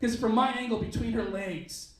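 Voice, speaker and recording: A male stand-up comedian telling a story on a comedy club stage, with an animated, punchy delivery and quick asides. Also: very high voice. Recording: roomy club sound, mic at a distance.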